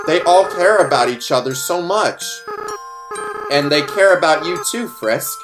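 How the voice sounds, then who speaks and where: A man voicing a gentle, remorseful young goat monster boy, reading game lines aloud in a soft, halting, tearful way. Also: fairly high pitch. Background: game soundtrack music.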